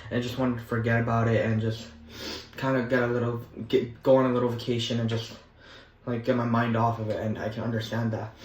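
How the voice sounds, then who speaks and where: A man's voice: medium pitch, flat delivery, fast talker. A young man chatting casually as a vlogger, rambling and enthusiastic, with lots of filler words. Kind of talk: casual chat. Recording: echoey room.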